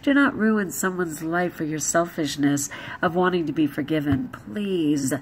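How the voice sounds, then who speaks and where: A woman vlogger talking casually, animated and blunt, joking and laughing as she goes. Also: sits low, a little slow, slight background noise, low-quality recording. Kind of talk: casual vlog talk.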